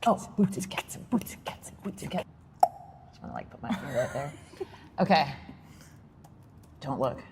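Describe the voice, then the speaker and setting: A woman's voice: extremely low pitch, very animated, moderate pace, vocal fry, pauses often, background noise. A woman co-hosting a podcast in casual, playful chat, often joking and mimicking. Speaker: podcast co-host. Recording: roomy hall with faint ambience.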